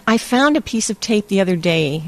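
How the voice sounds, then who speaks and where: Gravelly older woman telling stories. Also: mid-range voice, moderate pace. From Hawaii. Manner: laughs often, lively anecdotes. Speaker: interview guest. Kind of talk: casual storytelling.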